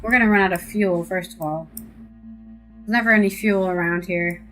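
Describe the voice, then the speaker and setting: A woman's voice: lowish voice, steady tone, normal speed, a bit bright, soft background music, low-quality recording. An American woman streaming a game, chatting casually and rambling with sarcastic asides. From United States. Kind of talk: casual live-stream chat while playing.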